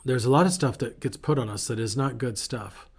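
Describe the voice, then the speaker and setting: Man preaching a casual, animated sermon. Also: mid-range voice, a little fast, gravelly, slightly rough. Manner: conversational, animated storytelling with self-interruptions. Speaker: pastor. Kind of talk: informal sermon.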